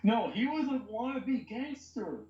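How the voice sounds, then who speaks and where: A man's voice: very high voice, lively intonation, a little slow, warm tone. Laid-back man in an echoey room. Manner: agreeable, laid-back banter. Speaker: podcast host. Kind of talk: casual movie chat. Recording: dull, roomy recording.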